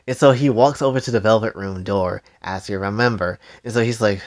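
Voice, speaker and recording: A man's voice: medium pitch, moderate pace, few pauses, a little mellow. A man casually narrating a fan story in a slangy, rambling, playful way.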